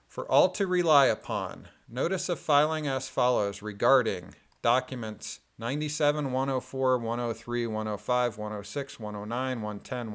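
A man reading court filings aloud in a methodical, deliberate way, adding plain spoken asides. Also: mid-range voice.

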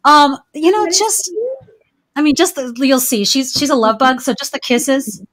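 A woman's voice: high-pitched, animated, unhurried, a bit bright. A woman guest in a casual online chat, talking in a loose, rambling way with many restarts.

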